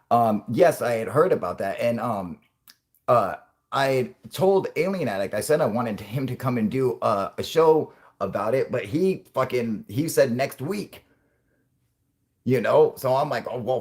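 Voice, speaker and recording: A man in his twenties hosting a casual livestream, stoned and rambling, swearing constantly and laughing often. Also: lowish voice. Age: 20s. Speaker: channel host.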